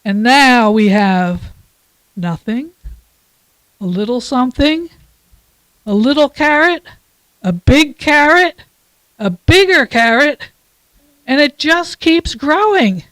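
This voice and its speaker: Slow, calm woman reading in church. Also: high-pitched, no echo, low-quality recording. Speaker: worship leader. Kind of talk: church reading and children's story.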